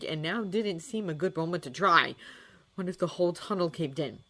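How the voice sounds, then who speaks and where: Female narrator, low register, expressive dramatic audiobook reading. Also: normal speed. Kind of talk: fan fiction audiobook reading.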